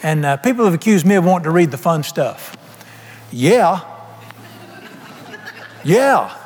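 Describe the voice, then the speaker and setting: A man's voice: a little high, sing-song, a little slow, slight background noise. A man preaching a sermon in a church, folksy and humorous, with plain colloquial speech. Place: church sanctuary. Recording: long hall reverb, faint music.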